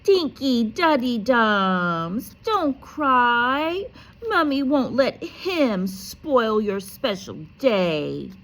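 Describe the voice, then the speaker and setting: A woman voicing a fussy, snappish middle-aged aunt in a shrill, sharp voice, reading a storybook aloud. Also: sing-song, drawn-out words, heavily acted. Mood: doting.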